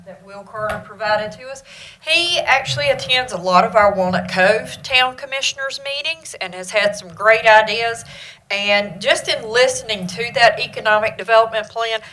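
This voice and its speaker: A woman's voice: mid-range voice, pushed and bright, low-quality recording. A woman speaking to county commissioners about library services, enthusiastic and community-minded. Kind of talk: presentation to county board. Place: meeting room.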